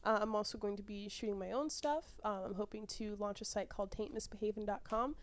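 A woman's voice: medium pitch, fairly even intonation, fast talker. A woman talking frankly as a podcast guest, with giggles and many fillers. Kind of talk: casual interview chat.

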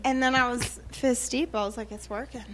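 A woman's voice: high voice, steady tone, fairly quick, a loud crowd, rough recording. A woman guest on a podcast, talking brashly and crudely. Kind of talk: casual studio chat.

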